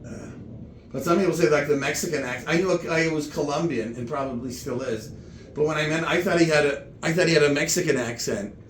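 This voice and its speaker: A man telling comic stories in meandering, halting chat full of restarts. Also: a little high, reverberant, a little hiss or hum. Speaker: comedian. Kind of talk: rambling comedic chat.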